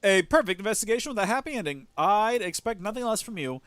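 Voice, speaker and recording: A man's voice: sits high, expressive, fast talker, a bit bright, clean tone, no room sound, studio quality, voice pushed up. A man reading game dialogue aloud as a chummy, enthusiastic male newspaper reporter who keeps calling the player "partner". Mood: eager. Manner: bouncy and enthusiastic, says "partner" often.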